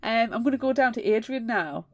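A woman's voice: on the high side, brisk. A woman co-hosting a podcast, chatting casually and enthusiastically about a book and laughing often. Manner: giggly, enthusiastic, reads quotes aloud. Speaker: podcast co-host.

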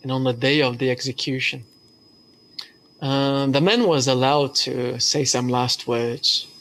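A man's voice: mid-range voice, steady tone, measured pace, fairly bright tone. A man preaching a sermon as pastor, telling a story earnestly with hesitations.

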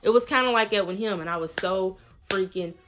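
A young woman vlogger telling a lively storytime in casual slang, acting out what people said. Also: mid-range voice, fairly quick, over music. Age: young adult. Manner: animated, slangy storytelling with quoted voices. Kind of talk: storytime vlog.

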